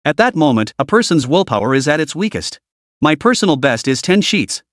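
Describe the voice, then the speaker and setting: A man's voice: on the high side, very animated, fairly quick, fairly bright tone, dry recording, studio quality. A man voicing a cruel female security interrogator who taunts her prisoner in a cold, mocking way. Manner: taunting, coldly sadistic.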